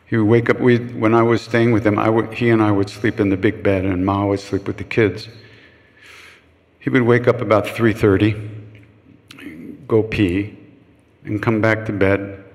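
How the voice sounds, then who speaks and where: Older male storyteller, low and gravelly, casual and joking, in a hall with a long echo. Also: flat delivery, normal speed, long pauses. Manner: anecdotal, frank and joking, acts out quoted voices. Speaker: chant leader answering questions. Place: retreat hall with a live audience. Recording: long reverb of a large room.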